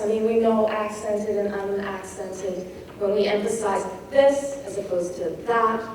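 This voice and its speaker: A woman poet giving a craft talk on rhythm, thoughtful and demonstrative, reading verse slowly and expressively. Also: mid-range voice, mellow. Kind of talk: lecture on poetic rhythm. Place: lecture hall at a poetry festival. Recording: echoey hall taped from far off with faint hiss.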